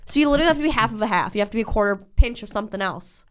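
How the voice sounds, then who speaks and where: A woman's voice: medium pitch, expressive, very fast, clean tone. A woman co-hosting a podcast in casual chat, slightly tipsy, rambling with lots of fillers and crude jokes.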